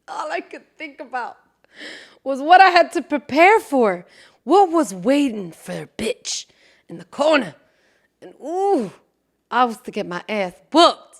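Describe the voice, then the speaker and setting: A young woman hosting a casual solo podcast, chatty and animated, laughing often and swearing freely. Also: on the high side, a little slow. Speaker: podcast host.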